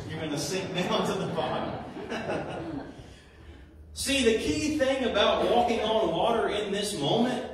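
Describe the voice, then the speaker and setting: A man's voice: sits high, background noise. A man preaching a sermon in a church, in a conversational, chuckling manner. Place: church sanctuary. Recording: echoey church hall from far off.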